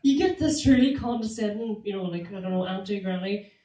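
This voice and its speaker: A young woman doing stand-up in a small club, animated, laughing at her own jokes and whooping. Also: medium pitch, fairly quick. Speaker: stand-up comedian. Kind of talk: stand-up comedy set. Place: small comedy club room. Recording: echoey room, mic from far off.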